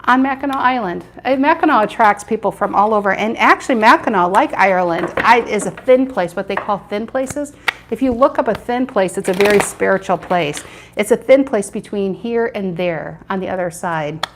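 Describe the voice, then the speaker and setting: A woman's voice: mid-range voice, normal speed, background noise. A woman doing a live tarot reading, chatting with viewers and repeating her questions as she turns the cards. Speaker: tarot reader.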